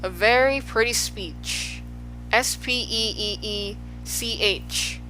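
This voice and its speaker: A woman's voice: medium pitch, normal speed, fairly bright tone, faint music behind, close to an everyday voice, poor audio. A woman voicing a fussy, indignant male spelling bee in a storybook, scolding and sneering. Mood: scornful.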